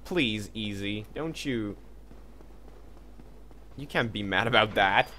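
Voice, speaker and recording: A man's voice: fairly low pitch, takes it slowly, sharp tone, a little hiss or hum. Joking young man streaming a game. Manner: loose and joking, swears, many fillers. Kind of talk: casual live-stream commentary.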